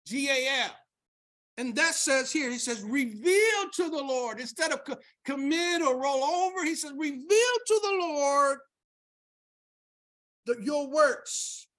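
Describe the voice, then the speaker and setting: A woman delivering a sermon in a high, bright voice. She reads scripture aloud and presses her points by repeating key words. Her delivery climbs to near-shouts. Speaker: preacher.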